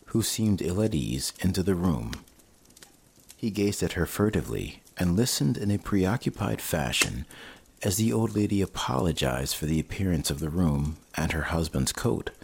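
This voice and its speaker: A man narrating a classic tale as host, slow and measured. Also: deep voice, breathy edge. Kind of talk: storybook narration.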